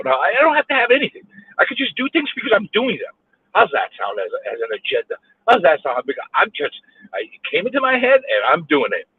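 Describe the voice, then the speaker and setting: A man ranting alone in his car while stuck in traffic, exasperated and repeating himself as he swears. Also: high voice. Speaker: vlogger ranting while driving. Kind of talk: angry live-streamed rant. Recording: tinny phone-like audio.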